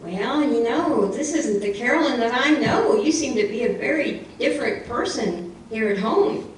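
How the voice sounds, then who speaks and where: A kind, observant schoolteacher who speaks with thoughtful, gentle reproof, as a woman voices her in a story. The sound is distant and washed in strong echo. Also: on the high side, lively intonation, moderate pace, slight background noise, voice pushed up, close to an everyday voice. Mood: gently reproving. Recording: echoey church hall from far off.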